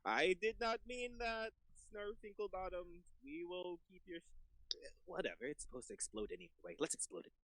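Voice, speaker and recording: A man's voice: high voice, animated, normal speed, vocal fry, a bit bright, dry recording. A man playing a tabletop game, bantering in character with a playful, theatrical swagger. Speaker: player.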